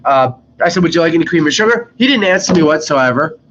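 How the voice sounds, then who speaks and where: A young man with a fairly high voice tells rambling stories from an old job, cursing freely and acting out the rude customers. The recording sounds muffled, with a faint hiss underneath. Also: expressive, fast talker, fairly bright tone. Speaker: vlogger. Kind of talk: casual storytelling.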